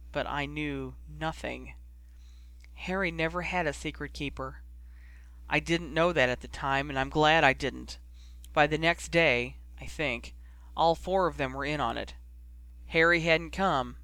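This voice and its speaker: Bright-voiced man reading a story. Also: on the high side, no echo. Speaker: audiobook reader. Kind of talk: fan fiction audiobook narration.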